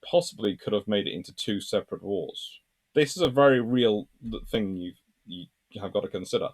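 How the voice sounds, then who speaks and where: A man's voice: lowish voice, lively intonation, moderate pace. A man hosting a history channel, reading viewer comments aloud and answering them in a rambling, thinking-aloud way.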